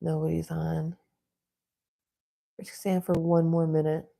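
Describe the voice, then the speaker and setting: A woman's voice: sits low, level tone, measured pace, gravelly, mellow. A woman hosting a casual live chat from home, chatting along and playfully scolding her dogs. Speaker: livestream host.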